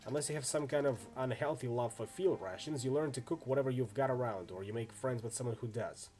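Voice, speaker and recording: A man's voice: medium pitch, fast, a little mellow, natural voice. A man voicing a brash, tough female mercenary in a game reading, telling stories in a chatty, wry way.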